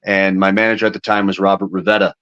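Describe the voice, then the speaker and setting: A man in his thirties talks candidly in a low voice, rambling through his answers with plenty of fillers and curses. The recording sounds dull and lo-fi, with a dry, close feel. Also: flat delivery, quick pace, fairly bright tone, smooth, no room sound. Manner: candid, rambling storytelling with frequent swearing and fillers. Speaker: MMA fighter, interview guest. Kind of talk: casual interview talk.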